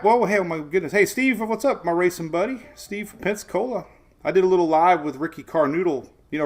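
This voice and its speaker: A man's voice: a little high, creaky. A man in his forties hosting a casual live weather stream, chatty and rambling, laughing often and greeting viewers by name. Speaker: weather show host.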